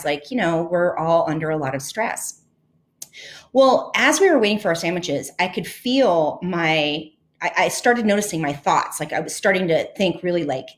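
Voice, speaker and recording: A woman podcast host and leadership coach telling a personal story in an earnest, reflective way, with fillers and restarts. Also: on the low side.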